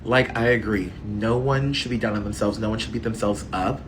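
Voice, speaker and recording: Frank, rambling male commentator talking to camera, light rumble under the voice. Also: a little fast, poor audio. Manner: frank, rambling, filler-heavy with frequent "like" and "right?". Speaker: social media commentator. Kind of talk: casual monologue.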